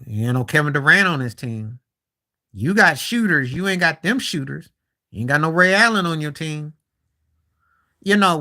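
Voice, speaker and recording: A slightly high, pushed, bright-sounding man runs a live stream full of casual basketball chatter. His conversational style drifts, stops, picks back up, and includes incredulous side comments.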